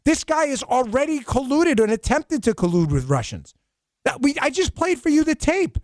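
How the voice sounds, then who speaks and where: Animated man hosting a talk show. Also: very high-pitched, no echo, clean studio sound. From New York. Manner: animated, sarcastic, rapid asides. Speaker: host. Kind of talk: political talk show banter.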